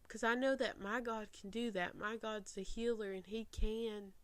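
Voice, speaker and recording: A woman in her twenties speaking slowly and earnestly to camera, her voice close to breaking as she holds back tears. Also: fairly high pitch, fairly even intonation, dry recording. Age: 20s. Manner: slow, earnest, voice near breaking. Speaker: faith podcast host. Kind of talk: personal reflective talk to camera. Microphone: facing camera.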